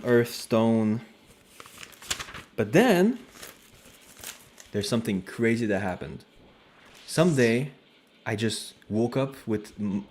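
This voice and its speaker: Guy streaming, casual chat, swears a lot, kinda low voice. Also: slight background noise. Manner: animated, joking, swears casually.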